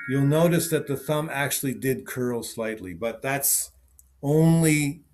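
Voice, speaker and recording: A man teaching a piano lesson over a video call, thinking aloud and repeating short phrases as he demonstrates. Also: medium pitch. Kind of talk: online teaching session.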